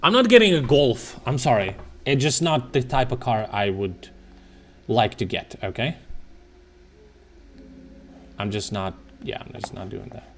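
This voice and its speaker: Animated, slow-talking man, swearing freely. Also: mid-range voice, a little hiss or hum. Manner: profane, slangy, exclamatory. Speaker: streamer browsing car listings. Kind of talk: casual live commentary.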